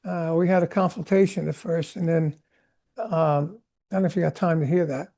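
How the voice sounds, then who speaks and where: Gravelly-voiced older man spinning anecdotes. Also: a little high, normal speed. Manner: animated rambling anecdotes, acts out quotes. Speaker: guest drummer. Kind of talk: storytelling interview chat.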